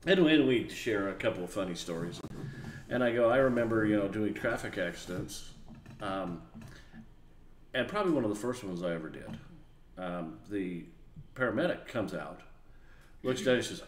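A man's voice: fairly low pitch, normal speed, reverberant, slight background noise. A man telling a funny story, acting out the voices of the people in it. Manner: animated, acts out voices and laughs while telling. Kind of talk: casual storytelling.

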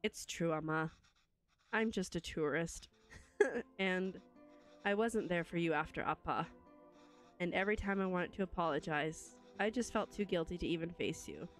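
A woman's voice: lowish voice, moderate pace, pauses often, soft background music, close to an everyday voice. A woman reading a guilty young adult son. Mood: earnest. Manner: reads game dialogue aloud in a near-plain voice.

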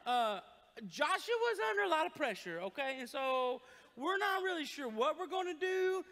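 A male pastor preaching a sermon in an animated, joking storytelling manner. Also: extremely high pitch, normal speed. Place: church sanctuary. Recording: long church hall reverb.

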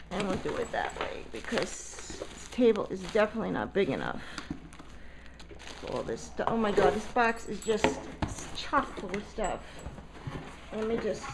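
Against a noisy background, a woman with a mid-range voice vlogs casually from her home table. She's opening a swap package and gets excitable, gushing and gasping in delight at everything inside.

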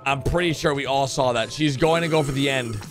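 A man giving excited reaction commentary to animated clips, blurting out reactions and cheering the characters on. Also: mid-range voice, fairly quick. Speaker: reaction video host. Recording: animation audio and music playing behind.

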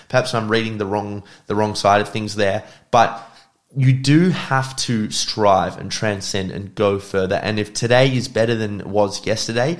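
A man giving reflective commentary on podcast clips, thinking aloud with fillers. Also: fairly low pitch. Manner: reflective, talks it through with fillers. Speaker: podcast reviewer.

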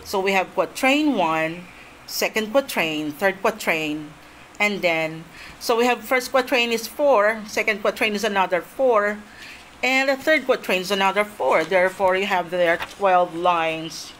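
A woman's voice: medium pitch, measured pace, a bit bright, a little hiss or hum, low-quality recording. A woman from the Philippines giving a classroom lecture on poetry, explaining step by step and repeating her points, with frequent fillers.

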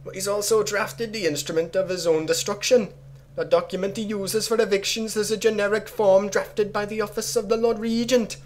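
Man doing a tired, scheming game assassin, raised voice, drifting put-on accent, slow and deliberate. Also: high-pitched, fairly even intonation, a little hiss or hum, pitched above the performer's own voice, lightly acted. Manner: strained, wandering put-on accent. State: fatigued. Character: scheming male assassin plotting revenge.

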